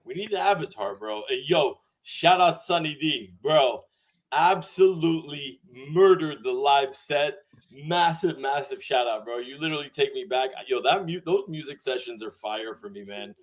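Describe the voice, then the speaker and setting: A man hosting a live crypto stream, talking in hyped, slangy bursts full of shout-outs. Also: mid-range voice, normal speed. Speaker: host. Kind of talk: casual live-stream chat.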